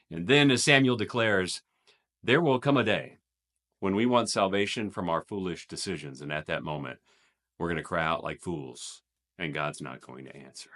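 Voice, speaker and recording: A man hosting a daily devotional, reading scripture aloud and commenting on it with emphatic stresses and a chuckle. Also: mid-range voice. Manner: lively and emphatic, stressing repeated words with a chuckle. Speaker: devotional host.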